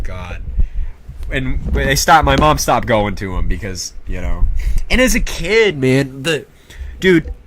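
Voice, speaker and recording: A young man telling a rambling, profane story in a casual, animated way, with many restarts. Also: medium pitch, a little hiss or hum. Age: young adult. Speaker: vlogger.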